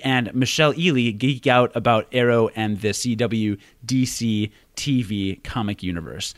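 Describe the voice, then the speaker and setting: Podcast co-host dude, jokey quick asides, super dry close mic. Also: male voice, mid-range voice, fairly bright tone, no room sound. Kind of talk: casual podcast chat.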